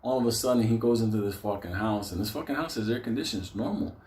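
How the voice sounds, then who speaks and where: A man's voice: fast, darkish tone, echoey room, slight background noise. A man telling a rambling, profane comic story about his own past, often breaking into laughter. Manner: profane, laughs often, raises his voice high for quoted lines.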